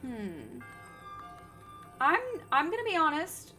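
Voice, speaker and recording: A woman's voice: high voice, wildly swooping pitch, slow, pushed and bright, soft background music. A woman streaming a game, chatting casually with her viewers and thinking aloud, nursing a slightly sore throat. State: sore throat, sipping tea. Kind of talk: casual game livestream chat.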